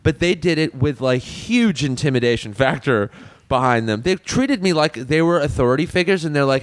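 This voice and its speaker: A man chatting on a podcast, retelling a tense encounter in a quick, excitable way. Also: fairly high pitch, no room sound. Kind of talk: casual podcast chat.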